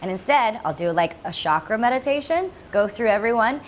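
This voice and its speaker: A woman's voice: fairly high pitch, lively intonation, a little fast, a little hiss or hum. A woman talking as a podcast guest in casual chat, acting out her own thoughts in a lifted voice and laughing often. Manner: laughs often, many fillers like "like".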